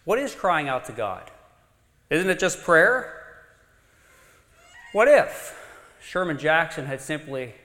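A male pastor delivers a sermon with a bright, lively voice that swings high and drops low as he tells the story. His voice carries a long reverb, as if he is recorded in a large church sanctuary. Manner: storytelling with dramatic rises and drops.

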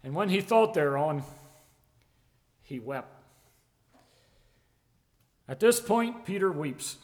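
A man preaching a sermon in an emphatic, repetitive cadence that swings from loud declarations to hushed tones. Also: fairly high pitch, lively intonation, slow pace, long reverb tail.

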